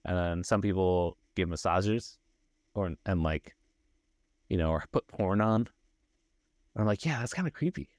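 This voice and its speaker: A man's voice: low voice, a little slow, long pauses, darkish tone, no echo, studio quality. A man co-hosting a podcast, chatting casually and rambling, swearing freely. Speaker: podcast co-host. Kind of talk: casual chat.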